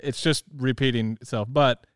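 A man's voice: mid-range voice, fairly even intonation, normal speed, clean tone, dry recording, studio quality. A man co-hosting a podcast, talking casually about films, rambling and laughing often. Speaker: podcast co-host. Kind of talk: casual movie chat.

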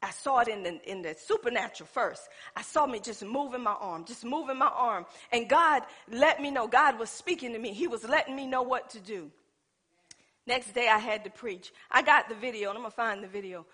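A middle-aged woman pastor preaching a sermon. She tells stories to the congregation, moving between loud declarations and hushed asides. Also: a little high, a little fast, husky. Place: church.

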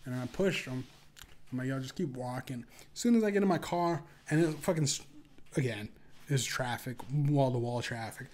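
A man hosting a podcast, telling a profane story casually and acting out other people's lines in a higher voice. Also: moderate pace. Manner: profane, animated, acts out quotes in a higher voice. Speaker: podcast host.

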